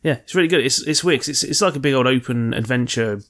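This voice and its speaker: A man's voice: mid-range voice, fast, a bit bright. A man co-hosting a podcast in casual chat, rambling, joking and swearing freely. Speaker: podcast co-host.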